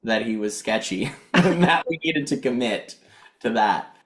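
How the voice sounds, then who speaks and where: An animated Canadian man in his thirties chats as a podcast guest, laughing often and sometimes restarting his sentences. His voice has a mid pitch, and the room around him is noticeably echoey. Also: unhurried. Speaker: guest actor. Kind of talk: casual interview chat.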